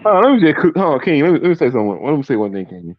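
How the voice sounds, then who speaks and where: A man's voice: on the high side, big pitch swings, racing, no room sound. Trash-talking man on a dull call. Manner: trash-talking, repeats himself. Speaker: panelist. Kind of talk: heated sports debate.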